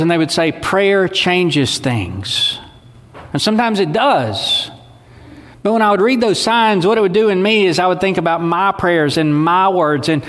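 A man's voice: high-pitched, fairly bright tone. A man, preaching a sermon in a conversational, folksy way. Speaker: pastor. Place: church sanctuary. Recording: long hall reverb.

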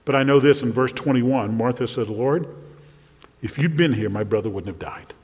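A male pastor delivers a sermon in a medium-pitched voice. He asks the listeners pointed rhetorical questions, then drops to a soft, near-whispered tone. His voice rings with the long reverb of a large hall. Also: moderate pace. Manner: preaching with rhetorical questions and sudden drops to a hushed voice.

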